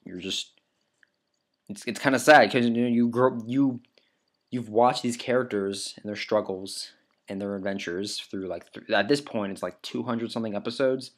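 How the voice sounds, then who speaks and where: A man's voice: on the low side, normal speed. Rambling man counting down anime moments. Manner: rambling, filler-heavy, swears casually. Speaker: anime vlogger ranking moments. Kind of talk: casual countdown commentary.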